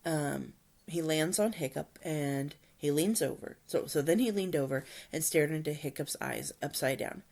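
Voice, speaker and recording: A woman presenting a book talk, retelling the story in an expressive, dramatic read-aloud manner with sudden whispers. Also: deep voice, normal speed, vocal fry.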